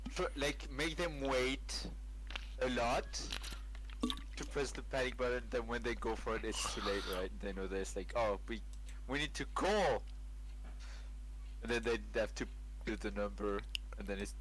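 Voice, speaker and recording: A man's voice: medium pitch, steady tone, moderate pace, low-quality recording. Eager male player over a faint hum. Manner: eager, plans out loud. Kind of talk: tabletop game play.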